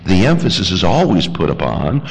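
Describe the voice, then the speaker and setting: A man preaching a sermon with emphatic delivery, climbing into high-pitched outbursts. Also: huge pitch swings, fairly quick. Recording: long hall reverb.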